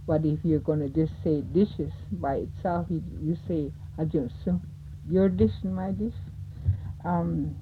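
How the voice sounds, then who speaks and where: A woman teaching words of a language, saying each one slowly and more than once, then explaining what it means. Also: on the low side. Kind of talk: teaching vocabulary, slow repeated words. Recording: tinny phone-like lo-fi recording with hiss.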